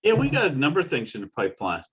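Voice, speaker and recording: A man's voice: a little high, wildly swooping pitch, very fast, a bit bright, slightly rough. A man, an agency owner, speaking bluntly with dry humor in a casual video call chat.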